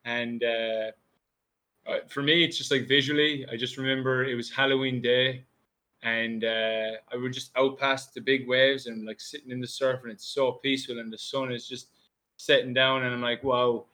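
A man's voice: medium pitch, level tone, normal speed, sharp tone. An Irish man, a podcast guest, chatting casually and leaning on "dude" and "bro" fillers. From Ireland. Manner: laid-back, lots of "dude" and "bro" fillers. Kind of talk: casual chat.

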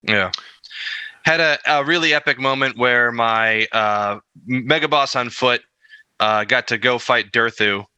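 A man's voice: mid-range voice, measured pace, sharp tone, clean tone, no room sound, highs cut off. A man co-hosting a casual podcast about tabletop gaming, rambling with lots of fillers and self-deprecating chuckles. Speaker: podcast co-host.

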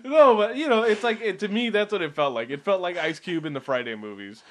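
A man co-hosting a casual movie podcast, retelling the plot in a relaxed way with many "you know"s. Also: sits high, a little fast, background noise. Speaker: podcast co-host. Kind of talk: casual movie recap chat.

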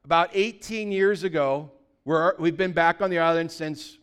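Pastor guy from california, 50s, telling a story in a sermon, smooth clear voice, a bit on the high side, gets loud sometimes. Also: normal speed. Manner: lively anecdotal, with sudden loud bursts.

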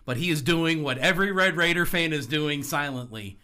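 A man's voice: fairly high pitch, a little fast, pushed and bright, smooth. A man co-hosting a sports radio show, telling a story animatedly and laughing as he talks. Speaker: radio co-host.

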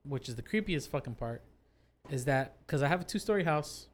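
A man's voice: a little high, brisk. A man hosting a casual podcast at his house, telling ghost stories and swearing freely. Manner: swears freely, animated storytelling. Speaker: podcast host. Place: his own two-story house.

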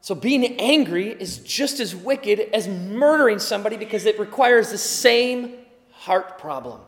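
A man's voice: high-pitched, animated, measured pace. Male preacher, light upper voice, chatty sermon delivery, reverberant hall. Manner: conversational, acts out quoted voices.

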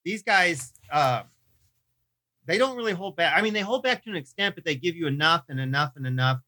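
A man co-hosting a casual film review podcast, chatty and animated, often laughing and restarting his sentences. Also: fairly high pitch, brisk. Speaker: podcast co-host.

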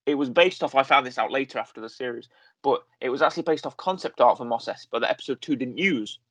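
A man's voice: medium pitch, fast talker, fairly bright tone, husky, no room sound. A man co-hosting a podcast in casual chat, rambling and correcting himself often, with lots of fillers. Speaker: podcast co-host. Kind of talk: casual chat reviewing a series.

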